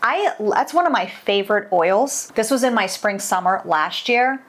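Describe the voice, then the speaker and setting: A woman's voice: medium pitch, animated, normal speed. A woman in her adult years giving a casual, enthusiastic product review as a candle maker, exclaiming often as she talks.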